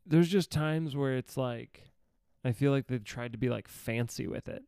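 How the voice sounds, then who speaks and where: A man's voice: medium pitch, normal speed, warm tone, smooth, dry recording, clean studio sound. A young man co-hosting a podcast, chatting casually and rambling about a TV show, swearing and teasing now and then. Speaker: podcast co-host. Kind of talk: casual chat reviewing a TV show.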